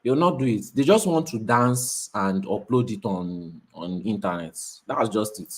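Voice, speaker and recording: A man's voice: on the low side, expressive, normal speed, breathy edge. A man with a Nigerian accent, co-hosting a casual commentary chat in a blunt, scornful, emphatic way. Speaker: co-host.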